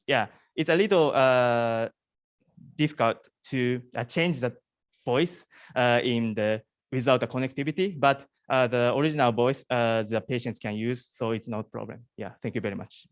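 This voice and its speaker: Founder in Q&A, hesitant non-native English, many pauses, dry close sound. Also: male voice, mid-range voice, no echo. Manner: hesitant, full of pauses and restarts. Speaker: startup founder answering jury questions. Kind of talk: halting non-native Q&A answers.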